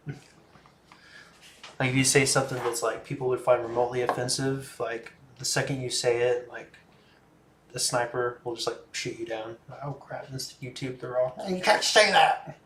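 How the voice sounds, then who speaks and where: A young man in his twenties talks easily through a livestream, reading out viewer questions and answering in a loose, rambling way. His voice is mid-pitched and sits in an echoey room with a faint hum of ambience behind it. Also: fairly bright tone. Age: 20s. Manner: laid-back, chatty, laughs often, trails off. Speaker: livestream host. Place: room in a home.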